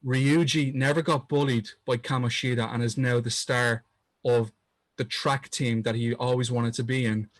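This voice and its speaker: A man's voice: medium pitch, steady tone, moderate pace, dry recording. A man co-hosting a podcast, earnestly retelling a story in casual chat, often restarting his sentences. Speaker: podcast co-host.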